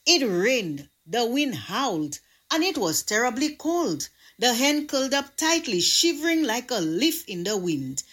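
A woman presenting a scripted radio devotional, reading with expressive storytelling. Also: fairly high pitch, a little slow, slightly rough.

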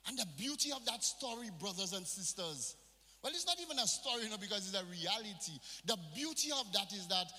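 A man's voice: high-pitched, expressive, brisk, pushed and bright. A male pastor preaching a sermon in a church, with call-and-response and phrases mixed in. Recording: reverberant church hall.

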